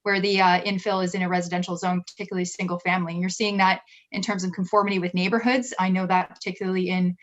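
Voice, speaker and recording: A woman city staff member answering questions at a council meeting in a measured, explanatory way. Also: lowish voice, little pitch movement, highs cut off.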